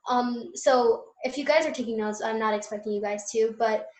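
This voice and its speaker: A woman's voice: fairly high pitch, normal speed, echoey room, low-quality recording. A young woman tutoring an online Spanish class, explaining step by step with patient fillers.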